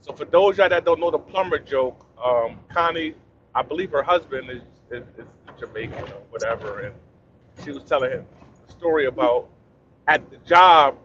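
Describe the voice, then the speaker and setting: A man in his thirties, a panelist in casual chat, speaking calmly and softly with many fillers, on dull lo-fi audio. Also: medium pitch, normal speed, noisy background. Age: 30s. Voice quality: soft-spoken, calm, many fillers.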